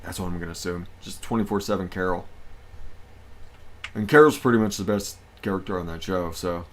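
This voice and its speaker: A man's voice: deep voice, fairly quick. A man hosting a casual livestream, upbeat and greeting his viewers one by one. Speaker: livestream host.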